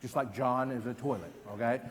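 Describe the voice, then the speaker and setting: A man in his fifties giving an energetic live stage demonstration as a memory trainer, quizzing the audience with repeated questions. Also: medium pitch, a little fast. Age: 50s. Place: large event hall. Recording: long hall reverb.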